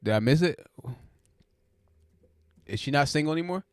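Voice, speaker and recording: A man's voice: a little high, expressive, moderate pace, no room sound, clean studio sound. A man hosting a casual live stream, joking and rambling and laughing often.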